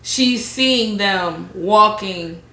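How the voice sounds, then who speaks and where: A woman's voice: medium pitch, extremely slow, sharp tone. Dramatic woman storyteller, echoey room. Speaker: podcast host. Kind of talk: true crime storytelling chat.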